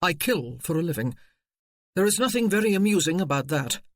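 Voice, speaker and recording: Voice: medium pitch, big pitch swings, fairly quick, dry recording. A narrator reading the lines of a bitter young Regency army officer in a grim, sardonic, clipped way, close to the narration voice. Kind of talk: audiobook character reading.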